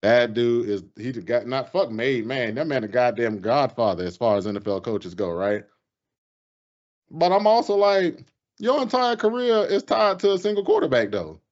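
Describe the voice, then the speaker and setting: A man co-hosting a casual sports podcast, ranting with animated, profane energy. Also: mid-range voice, normal speed. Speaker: podcast co-host. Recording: dull lo-fi podcast audio.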